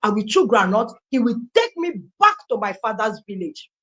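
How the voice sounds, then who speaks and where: Nigerian woman, thirties, Igbo first language, lively storyteller with a higher voice. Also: moderate pace. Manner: animated storyteller, acting out dialogue. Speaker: testimony speaker. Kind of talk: personal life story told aloud.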